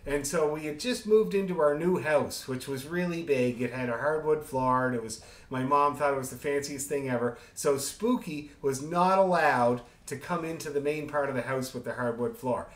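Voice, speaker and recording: A man leading an online music rehearsal, chatting casually and telling rambling, joking stories. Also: a little high. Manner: rambling storyteller, friendly and joking. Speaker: orchestra leader. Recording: echoey room.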